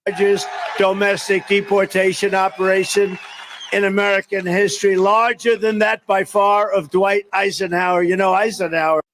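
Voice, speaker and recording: A man speaks in played clips, delivering a political speech with emphatic, repetitive lines. His voice sits high for a man. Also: level tone, moderate pace, a bit bright, a little hiss or hum.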